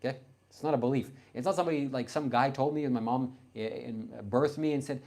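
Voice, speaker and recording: A man's voice: mid-range voice, fast talker, dark tone. A young man from Canada in his late teens, answering his livestream chat in a blunt, confrontational, self-assured way.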